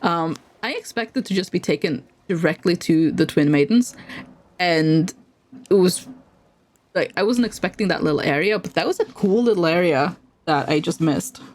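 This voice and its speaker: A woman's voice: on the low side, animated, moderate pace, darkish tone. A woman streaming a video game, chatting casually and self-deprecatingly as she plays and laughing often. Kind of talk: casual gameplay commentary.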